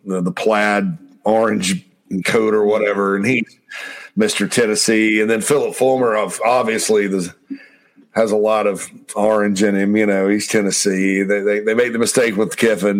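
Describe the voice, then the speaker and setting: With a lowish voice, the host of a laid-back sports talk show reads viewers' comments aloud, laughing, wandering off topic, and tossing in brief coach impressions.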